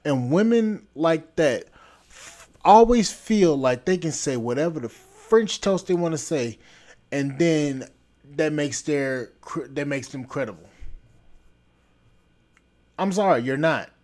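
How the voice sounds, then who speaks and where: A man with a somewhat high voice rants on his podcast. He is blunt and scolding, and he hammers the same points over and over. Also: expressive, takes it slowly, pauses often, darkish tone. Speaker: podcast host. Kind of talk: opinion rant.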